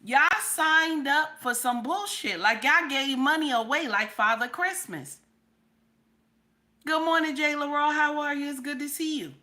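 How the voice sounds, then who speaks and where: A high-voiced woman hosts a livestream. She has a cold and coughs between sassy, repetitive, profane remarks. Her voice is bright and sharp. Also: measured pace. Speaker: commentary host. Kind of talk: livestream commentary.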